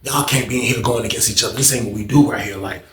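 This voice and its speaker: A man voicing a gang member who talks firmly and quietly, in an echoey room. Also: mid-range voice, fast, slight background noise, pitched below the performer's own voice, close to an everyday voice. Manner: hushed, firm. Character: calm gang member, man, firm, hushed.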